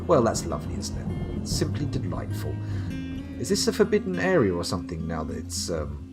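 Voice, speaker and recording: A man's voice: sits low, huge pitch swings, fast talker, music in the background. A man from the UK streaming a game live, commenting with dry, sarcastic, jokey asides. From United Kingdom. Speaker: gaming streamer.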